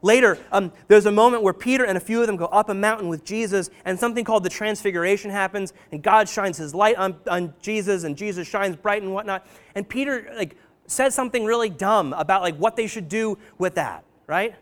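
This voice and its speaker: A man's voice: high voice, fairly quick, a bit bright. A man preaching a casual sermon, retelling stories conversationally with many "um"s, "like"s and "right?"s. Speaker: pastor.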